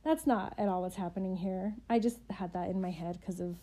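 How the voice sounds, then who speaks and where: A young woman co-hosting a casual book-discussion chat, giggly and animated, jumping up in pitch when she acts out characters' lines. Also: a little fast. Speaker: podcast co-host.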